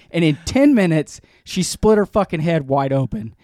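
A man in his forties telling a long rambling story in casual chat, animated and profane, as a podcast co-host. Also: high-pitched, a little fast, few pauses, dry recording, clean studio sound.

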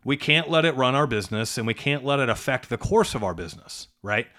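A man's voice: medium pitch, expressive, brisk, bright, forceful tone. Middle-aged male co-host, casual and emphatic, ordinary mid-range voice. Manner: conversational, emphatic, rhetorical "right?" tags. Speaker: podcast co-host, trades business coach. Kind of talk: casual podcast chat.

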